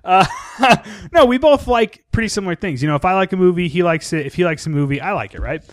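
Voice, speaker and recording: A man's voice: high-pitched, animated, quick pace, dry recording. A young man hosting a casual horror podcast, goofy and laughing at himself. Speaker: podcast host.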